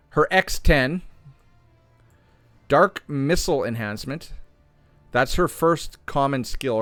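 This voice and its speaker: A man with a slightly hoarse voice reading game patch notes aloud and reasoning through them, often correcting himself mid-sentence. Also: mid-range voice, dry recording. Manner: thinks aloud, restarts and self-corrects. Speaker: gaming content creator.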